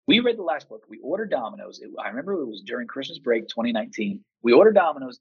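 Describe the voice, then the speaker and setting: A man in his thirties tells his stories with a husky, slightly rough edge and plenty of animated emphasis, acting out what others said. The audio is muffled and lo-fi, as if heard over a remote line. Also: medium pitch. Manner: animated, emphatic, acts out quotes. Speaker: podcast guest, teacher and father. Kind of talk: enthusiastic storytelling chat.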